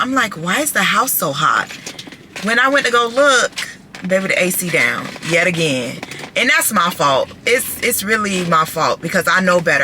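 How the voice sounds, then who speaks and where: A woman vlogging into her phone with a bright, crisp voice at a middling pitch. She is animated and chatty, talking straight to her viewers in a loose, conversational way, and a faint hum of noise sits behind her. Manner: animated and chatty, calls listeners "baby" and "child". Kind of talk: casual chat to camera.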